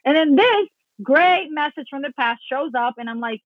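Animated woman on a tinny line. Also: high-pitched, moderate pace, no echo. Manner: animated, swears casually, acts out her own past thoughts. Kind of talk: casual storytelling chat. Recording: phone-like narrow band, dry.

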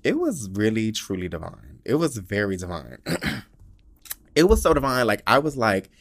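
A young man hosting a podcast, telling a story in a slangy, animated way, swearing often and acting out quotes. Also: lowish voice, moderate pace, creaky. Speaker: podcast host. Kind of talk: casual storytelling monologue.

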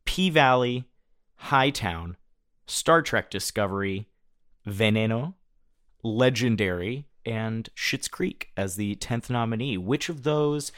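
An animated man hosting a relaxed conversation, reading through lists and breaking into laughter now and then. His voice sits at an ordinary middle pitch. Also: slow. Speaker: host. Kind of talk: casual chat about award nominees.

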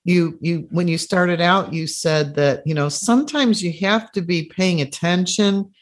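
An interview host sharing a story in an unhurried, warm conversational way. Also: mid-range voice.

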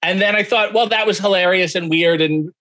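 A man with a high-sitting voice talks a little fast while guesting on a podcast. He tells his story casually and with animation, imitating the voices of the people he quotes.

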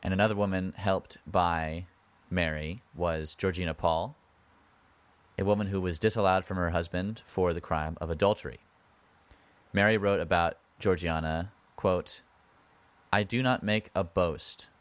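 Man, podcast host, casual history telling, wry asides, very low voice. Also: fairly even intonation, moderate pace, clean tone, no room sound. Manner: conversational, with asides and wry comments.

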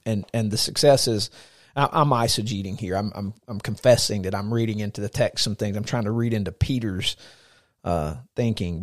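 A man's voice: on the low side, dry recording, studio quality. A man co-hosting a faith podcast, talking casually and earnestly, often restarting as he thinks. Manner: earnest, repeats words as he thinks. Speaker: podcast co-host. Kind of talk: casual chat about faith.

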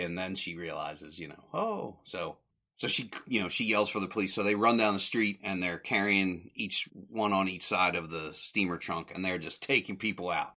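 This podcast host speaks in a low voice that sounds pushed and bright. Retelling an old comedy short in a relaxed way, he wanders a bit, fixes his own words, and laughs frequently.

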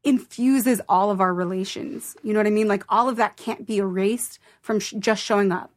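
A woman speaks as a podcast guest in relaxed conversation. She is earnest and thoughtful and often pauses on "like" while she finds her words. Her pitch sits in an ordinary middle range.

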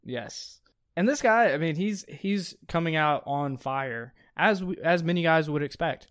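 A man's voice: on the high side, lively intonation, unhurried, a bit bright, clear, resonant tone. A young man co-hosting a casual sports podcast, chatty and enthusiastic, with frequent ums and uhs. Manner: chatty, enthusiastic, with many fillers. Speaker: podcast co-host.

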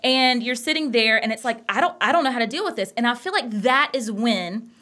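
Bright Southern woman podcast host. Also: on the high side, a little fast. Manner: lively, folksy, animated storytelling. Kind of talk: casual chat.

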